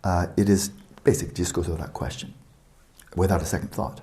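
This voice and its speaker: Low mellow-voiced man teaching meditation. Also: steady tone, brisk, a little hiss or hum. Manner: expansive, explanatory, repeats words for emphasis; conversational asides to listeners. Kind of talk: retreat dharma talk.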